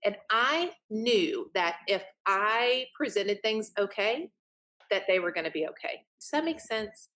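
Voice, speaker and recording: A woman, a podcast guest telling a story in a lively way and acting out what others said. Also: mid-range voice, unhurried. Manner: animated, laughing, acts out quotes. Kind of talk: casual storytelling.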